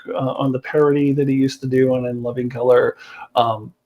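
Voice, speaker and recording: A woman's voice: on the low side, rough recording. A woman giving a casual video review of a TV series, enthusiastic and opinionated, laughing often and swearing bluntly. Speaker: TV show reviewer.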